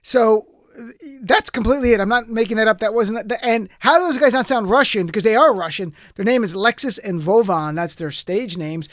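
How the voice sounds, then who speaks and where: Man, talk show host, high voice, dry close sound, laughs easily. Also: no room sound. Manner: animated, quick to laugh. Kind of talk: lively panel chat.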